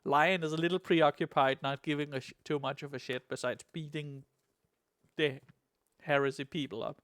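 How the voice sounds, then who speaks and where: A man co-hosting a casual hobby podcast, excitable and jokey, swearing freely. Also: on the high side, moderate pace, no echo, clean studio sound. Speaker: podcast co-host.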